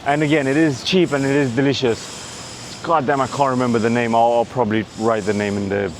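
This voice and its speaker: A man from Romania talks into a handheld camera as he walks city streets, rambling and cracking jokes with casual swearing. His pitch sits in a middle range, and faint traffic hums behind him. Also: steady tone, brisk. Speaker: travel vlogger. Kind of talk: casual walking vlog commentary.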